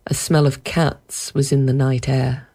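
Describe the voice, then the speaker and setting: A woman reading a story aloud in even, measured narration. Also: extremely low pitch, breathy edge.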